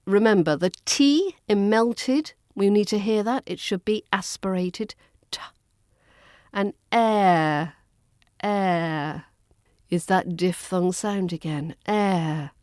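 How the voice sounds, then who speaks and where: British rp lady teaching accent stuff, really slow and careful, dry close sound. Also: medium pitch, darkish tone, no room sound. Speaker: accent coach and podcast host. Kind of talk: podcast pronunciation lesson.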